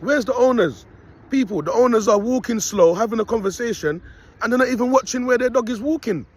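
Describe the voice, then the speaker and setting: A man's voice: extremely high pitch, quick pace. A young man, rambling in a casual preaching monologue full of street slang and repeated "you get me". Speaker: self-styled prophet vlogger.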